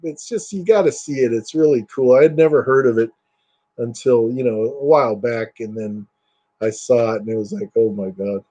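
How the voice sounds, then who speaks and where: Speaking at a moderate pace in a dark, mid-range voice, this man chats casually while showing off his collectibles. His show-and-tell rambles with plenty of fillers and lots of enthusiasm.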